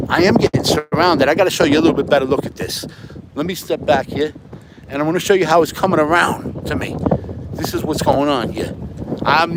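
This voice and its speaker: A man with a slightly high voice rambles casually to his live-stream viewers and greets them by name. He talks into a handheld phone outdoors, and heavy wind roars across the mic. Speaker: livestreamer. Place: outdoors in a windy flooded parking lot, then in a car.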